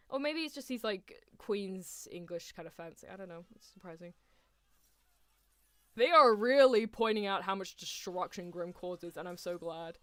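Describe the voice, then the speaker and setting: A woman streaming a live anime reaction, gushing and excitable, laughing often and swinging between loud cries and hushed near-whispers. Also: mid-range voice, moderate pace, dry recording. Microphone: headphones on while streaming.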